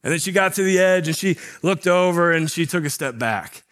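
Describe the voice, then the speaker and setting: A man's voice: sits high, a little fast, a bit bright. A middle-aged man, a pastor, preaching a sermon in a conversational way, asking rhetorical questions.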